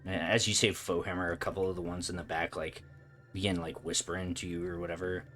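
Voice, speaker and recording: A man's voice: low-pitched, flat delivery, quick pace, fairly bright tone, faint music behind. A man narrating a tabletop game as dungeon master, talking casually with lots of fillers.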